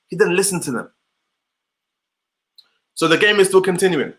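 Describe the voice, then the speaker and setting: This motivational speaker hosts a session over a video call, repeating rhetorical questions for his audience. His voice sits high and sounds a bit bright, with lively intonation at a moderate pace.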